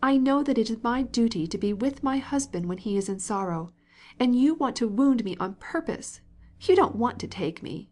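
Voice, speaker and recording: A woman's voice: lively intonation, measured pace, creaky, a little mellow, breathy edge, exaggerated voice. A woman reading an audiobook, voicing an indignant, tearful young wife who insists on her point. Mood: tearful indignation. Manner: pleading, insistent, raised pitch.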